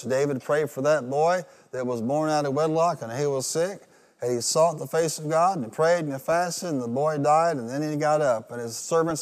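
A man's voice: fairly high pitch, in a large hall. A male pastor preaching a rousing sermon, leading the congregation in call-and-response. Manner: rousing, call-and-response, rising to loud peaks.

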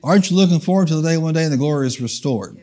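A man's voice: fairly high pitch, very fast, mellow. A man preaching a sermon, leading the congregation in call-and-response and changing his pace for emphasis. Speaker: pastor. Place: church.

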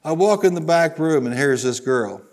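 A little hiss or hum sits under this middle-aged Southern Illinois pastor preaching in a church sanctuary. His voice is fairly high, slightly mellow and lively in intonation at normal speed, as he tells folksy stories and invites the congregation to answer.

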